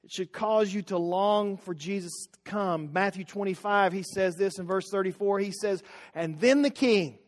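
A man preaching an impassioned sermon as a pastor, dropping to a hush and rising to shouts. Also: high-pitched, normal speed, long reverb tail.

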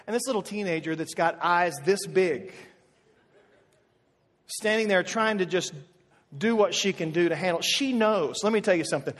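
A male pastor preaching a sermon, telling an animated story with many asides and restarts. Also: high voice, moderate pace, pauses often. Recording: echoey hall with long reverb.

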